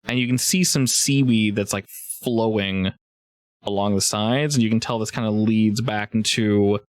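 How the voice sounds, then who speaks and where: A man running a tabletop game as game master, narrating in a casual, halting way with many fillers. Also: fairly low pitch, steady tone, no echo.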